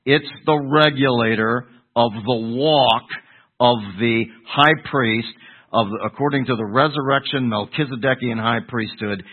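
A man's voice: medium pitch, a little slow. An older man, a pastor, teaching a Bible sermon, putting questions to the congregation and answering them himself. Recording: tinny phone-like radio broadcast.

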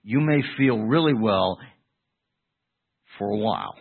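A man preaches in an easy, conversational way, often restarting his phrases and swinging between loud, stressed points and quiet asides. His voice sits a little low and has a husky edge. The sound is thin and tinny, like a phone line. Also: lively intonation, unhurried. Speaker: pastor. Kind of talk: sermon.

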